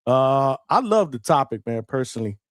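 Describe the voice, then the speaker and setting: A man hosts a live boxing stream in a loose, rambling monologue, dropping "man" and "bro" all through it. His voice sits at a middle pitch. The sound is dry, with no room echo. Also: big pitch swings, normal speed. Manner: laid-back, profane, fills lines with "man" and "bro". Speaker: host of a boxing call-in show.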